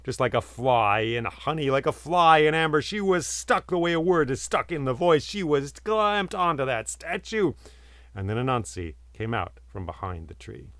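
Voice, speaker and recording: A man telling a folk tale aloud, expressive and lingering on vivid words, sometimes dropping to a hush. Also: on the high side, normal speed, dry recording. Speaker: storyteller and podcast host. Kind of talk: oral storytelling.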